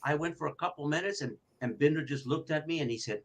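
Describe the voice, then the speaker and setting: An older man and retired detective telling police stories in a profane, animated way, acting out shouting as he goes. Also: a little high, quick pace, poor audio. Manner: profane, animated storyteller who acts out shouting. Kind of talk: storytelling on a podcast.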